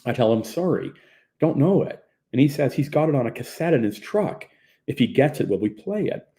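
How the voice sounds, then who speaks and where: A man from Ontario reading his memoir aloud in an animated storytelling manner. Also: mid-range voice, fairly quick. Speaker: narrator.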